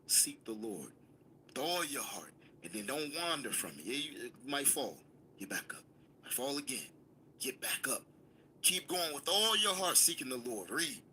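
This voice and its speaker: A man's voice: mid-range voice, sing-song, normal speed, bright, forceful tone, a little hiss or hum. A man leading a scripture class, emphatic and commanding, calling on a student to read. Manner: emphatic, commanding, call-and-response. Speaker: Bible class teacher.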